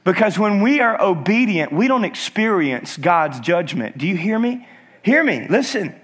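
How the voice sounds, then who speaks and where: Energetic male preacher, rising and falling, constantly calls on the congregation. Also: high-pitched, moderate pace. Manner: call-and-response exhortation; lively, swinging between emphatic and hushed. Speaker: pastor. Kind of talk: sermon.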